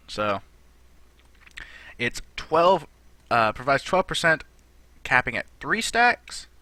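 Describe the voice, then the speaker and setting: Rambling and leaning on lots of fillers, a young man casually talks through game patch notes for his gaming channel. The recording is dry, and his voice sits mid-range with a sharp edge.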